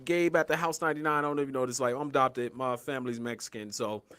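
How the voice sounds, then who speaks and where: A young man from Colorado co-hosting a casual podcast, rambling and profane, breaking into loud hyped yelling. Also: medium pitch, steady tone, fast talker, clear, resonant tone. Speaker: podcast co-host.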